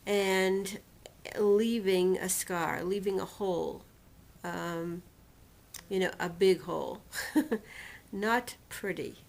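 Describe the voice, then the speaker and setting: A woman recounting a painful personal experience in a storytelling manner, slowly and deliberately, acting out what was said to her. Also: on the low side, gravelly. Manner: emotional retelling, quotes others and herself dramatically. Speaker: personal testimonial speaker.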